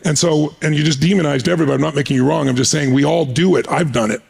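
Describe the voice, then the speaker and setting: A middle-aged man telling an animated story in conversation, acting out the people in it. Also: a little high, racing. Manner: animated, gravelly, acts out the people in his story. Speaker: motivational speaker.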